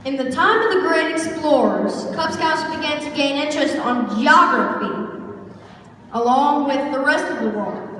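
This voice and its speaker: A woman's voice: sits high, fairly bright tone, slight background noise. A woman playing a pompous, self-important male announcer in an amateur stage skit, speaking in a mock-authoritative tone, heard from far off in an echoey hall.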